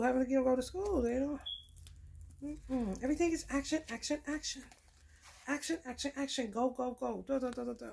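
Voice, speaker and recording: A woman's voice: high-pitched, fairly quick, creaky, slight background noise. A woman giving a blunt, profane, preachy casual tarot reading. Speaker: tarot reader.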